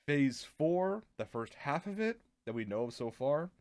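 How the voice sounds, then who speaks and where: A man's voice: on the high side, sing-song, unhurried, dry recording, clean studio sound. Earnest man explaining at length. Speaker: co-host. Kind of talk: casual chat over drinks.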